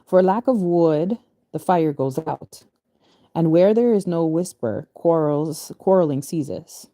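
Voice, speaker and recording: Woman, casual scripture commentary, chatty asides, low pitch, dry close sound. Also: expressive, slow, warm tone, no room sound. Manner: reads verses then explains them in loose chatty asides; laughs easily, restarts phrases. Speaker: spiritual reader.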